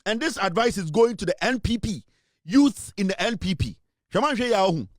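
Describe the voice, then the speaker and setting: A man with a Ghanaian accent delivers heated political commentary in a high, animated voice. He is emphatic, with frequent fillers and quick shifts between English and Twi. The sound is dry and close. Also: no room sound.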